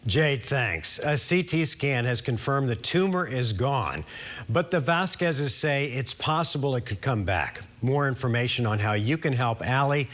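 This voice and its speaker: A man anchoring a TV newscast, reading the next story in a smooth, scripted way. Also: medium pitch, expressive, measured pace, fairly bright tone. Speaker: news anchor. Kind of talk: news anchoring.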